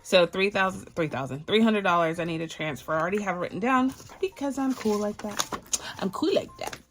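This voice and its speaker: Speaking quickly and with animation, a woman from Barbados counts and sorts money for her budget while chatting playfully to her y'all audience. Her pitch is medium, and there's slight background noise.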